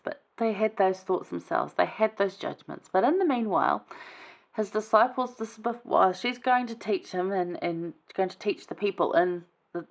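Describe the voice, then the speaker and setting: A woman's voice: fairly low pitch, creaky. A woman giving casual scripture commentary in a chatty, informal way, reading verses aloud and then explaining them. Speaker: Bible study vlogger.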